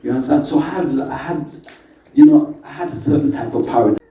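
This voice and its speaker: A man with a rather high but very dark, mellow voice gives a chatty talk to a group, often calling out to them for answers. He sounds set back from the microphone. The room has a roomy echo. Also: huge pitch swings, quick pace. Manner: playful, chatty, calls out to the audience. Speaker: speaker at a spiritual workshop. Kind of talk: informal lecture to a live group. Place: indoor meeting room with an audience. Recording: echoey room, voice from a distant mic.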